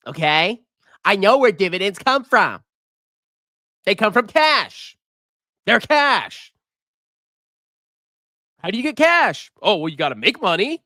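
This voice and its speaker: A man's voice: high-pitched, pushed and bright, no echo, clean studio sound. A man hosting a live finance stream, reading viewer messages and mocking them with frequent laughter. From United States. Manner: teasing, mocking, laughs often. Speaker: livestream finance host.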